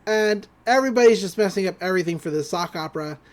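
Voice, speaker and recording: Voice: medium pitch, expressive, very fast. A podcast host giving a casual, rambling episode recap, often laughing.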